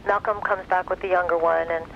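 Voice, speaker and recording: A woman telling a personal story in a halting, emotional way, often restarting her sentences. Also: fairly low pitch, fairly even intonation, creaky, muffled recording, slight background noise.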